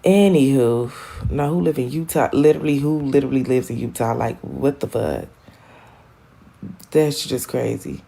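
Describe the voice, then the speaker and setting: Low gravelly animated woman streamer. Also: normal speed. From Michigan, USA. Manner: rambling, animated and profane, laughing at her own jokes. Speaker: live streamer. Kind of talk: casual live-stream chat.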